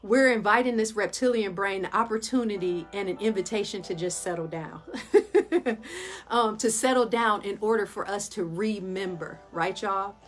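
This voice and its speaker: A woman's voice: mid-range voice, moderate pace, faint music behind. A woman therapist and yoga teacher giving a casual guided mindfulness talk, chatty and laughing often, addressing listeners as "y'all".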